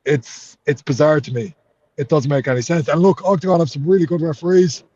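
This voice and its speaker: An Irish man in an interview, talking in a heated, frustrated way and swearing freely. His voice sits a little high, and the recording sounds dull and lo-fi. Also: fairly even intonation, a little fast, dark tone, dry recording. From Ireland. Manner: heated, swears a lot, says mate. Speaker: MMA fighter.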